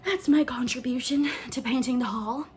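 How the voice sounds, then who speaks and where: A woman's voice: mid-range voice, a little fast, slight background noise, lightly acted. A woman reading an audiobook, voicing a plump, cheerful older woman who is a timid optimist. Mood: hopeful. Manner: bright, hopeful.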